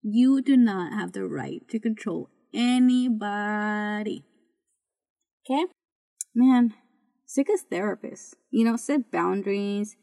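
A woman's voice: medium pitch, expressive, slow pace, vocal fry, mellow. A woman hosting a podcast in a casual monologue, blunt and full of swearing, rambling with restarts. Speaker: podcast host.

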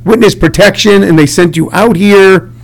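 An older man hosting a comedic radio chat, telling jokey stories and breaking into shouty put-on rants. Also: high-pitched, moderate pace, creaky, poor audio.

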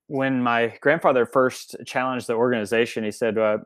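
A man's voice: mid-range voice, steady tone, moderate pace, few pauses, no echo. A man telling a story in a casual interview, rambling with many restarts and fillers. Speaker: guest, family member of a restaurant chain.

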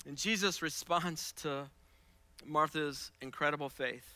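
High, bright-voiced man preaching a sermon. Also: measured pace, clean tone. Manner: impassioned, repeats phrases for emphasis. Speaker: pastor.

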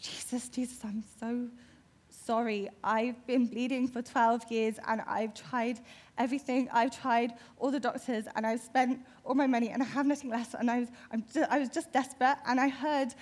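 Brief: desperate, apologetic woman, quiet and stammering, as a preacher puts her on. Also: on the high side, steady tone, close to an everyday voice. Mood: fearful. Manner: soft, halting, stammering.

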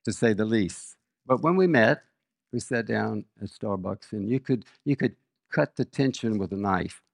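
An older man preaching a sermon, reading scripture and telling personal stories in a slow, measured way. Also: lowish voice, vocal fry, dry recording, studio quality.

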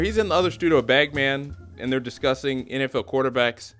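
A man hosting a casual comedic sports talk show, animated and teasing. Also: mid-range voice, a little fast, faint music behind. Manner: animated, teasing, mock-dramatic. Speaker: podcast host.

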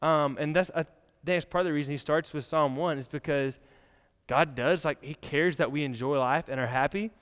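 A man's voice: fairly high pitch, normal speed, a bit bright, smooth. A young man preaching a casual, conversational sermon in a church, chatty and laughing often, with many fillers. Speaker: pastor. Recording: long church hall reverb.

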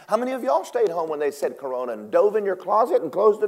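Man, preaching a sermon, very lively pitch, dramatic swings between hushed and loud. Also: fast. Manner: animated, dramatic swings from low murmurs to high acted cries.

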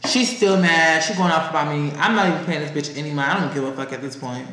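A man co-hosting a podcast, telling a work story in a casual, profane, animated way. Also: fast. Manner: animated, profane, high-pitched when quoting others. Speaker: podcast co-host. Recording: echoey room.

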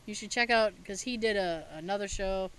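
A woman casually telling stories in a chat, animated and laughing often, with a bit of swearing. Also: mid-range voice, fairly quick, slight background noise, poor audio.

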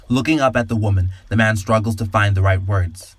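A man with a lowish voice narrates a story in a calm, slow, soothing way. He hosts his own podcast and guides the listener gently through the scene. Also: no room sound.

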